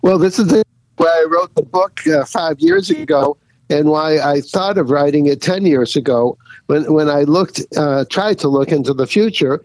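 A slightly high, darkish voice with lively intonation belongs to a man interviewed about his writing. At normal speed he rambles on, chuckling, restarting and filling pauses, in a dry recording of poor quality.

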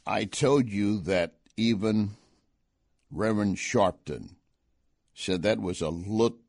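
A talk radio host with a fairly low, darkish voice speaks slowly in clean, dry studio sound. Offering political commentary, he talks conversationally while pressing hard on key points.

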